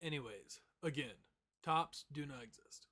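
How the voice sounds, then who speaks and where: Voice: measured pace, fairly bright tone. A tabletop game player chatting casually on a voice call, playful and teasing. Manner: playful, teasing, breaks into high meows. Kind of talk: casual chat before a game session.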